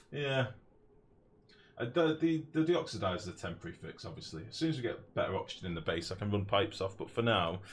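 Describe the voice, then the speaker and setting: A man commentating casually on a live game stream, chatty, profane and self-mocking. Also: low-pitched. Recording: music playing behind.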